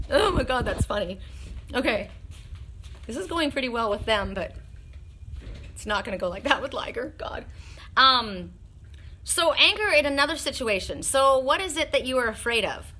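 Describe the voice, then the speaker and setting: Bright-voiced, frank woman reader chatting. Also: a little high, expressive, moderate pace, long pauses, a little hiss or hum. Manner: frank and chatty, swears freely, laughs often. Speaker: live-stream spiritual reader. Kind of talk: casual live-stream chat with viewers.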